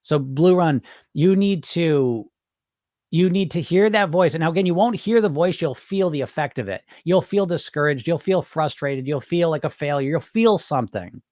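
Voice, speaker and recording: A man's voice: fairly high pitch, lively intonation, normal speed, darkish tone, no echo, clean studio sound. A man hosting a weight loss podcast, coaching listeners in a casual, earnest and emphatic way and repeating phrases for stress. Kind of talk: casual coaching talk answering a listener question.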